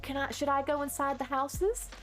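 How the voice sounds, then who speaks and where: A woman's voice: sits high, fairly even intonation, moderate pace, soft background music, pitched above the performer's own voice, close to an everyday voice. Woman putting on a flirty Southern belle. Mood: coy. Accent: put-on Southern US drawl. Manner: coy and drawling, with playful sass.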